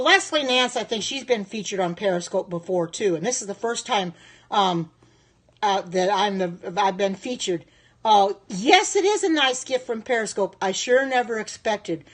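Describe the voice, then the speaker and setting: A woman in her sixties chatting on a live stream as a home cook, reacting aloud to viewer comments in a devout, thankful way. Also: on the high side. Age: 60s.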